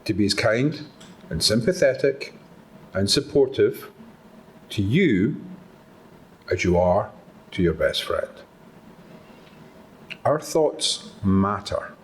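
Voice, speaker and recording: Scottish man, conference speaker, animated pitch, engaging, audience participation. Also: takes it slowly, long pauses, a little hiss or hum. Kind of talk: live talk to an audience. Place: conference hall.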